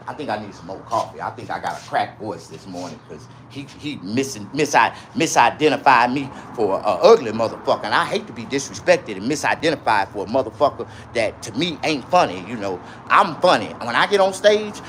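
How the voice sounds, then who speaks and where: A man's voice: mid-range voice, a little hiss or hum. A man rambling through a profane livestream monologue and reading viewer comments. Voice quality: profane, rambling, swings to loud outbursts.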